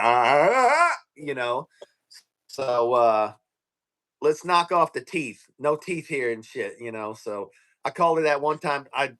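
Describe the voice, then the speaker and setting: A man in crude, profane casual chat on a livestream, telling stories and acting out quotes loudly. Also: mid-range voice. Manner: profane, storytelling, loud acted-out quotes.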